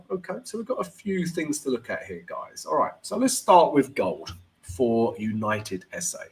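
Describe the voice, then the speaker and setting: A man's voice: mid-range voice, sing-song, a little slow, slight background noise. A man hosting a live trading stream, talking casually and with energy, and often checking in with "right?".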